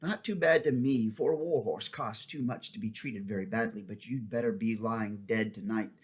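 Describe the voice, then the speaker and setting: A man reading aloud voices a proud male talking war horse, speaking briskly and a little contemptuously in a storybook reading. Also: fairly low pitch, close to an everyday voice. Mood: urgent. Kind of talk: audiobook character voice.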